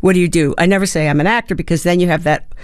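A woman's voice: on the low side, fairly even intonation, racing, clean tone, dry recording, studio quality. Reflective woman in her seventies. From United States. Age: 70s. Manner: reflective, storytelling, with fillers and restarts. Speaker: guest, actor and playwright. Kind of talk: thoughtful interview answers.

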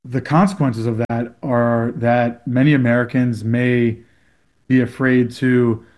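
A man representing an advocacy group, giving measured, deliberate interview comments. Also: medium pitch, level tone, a little mellow.

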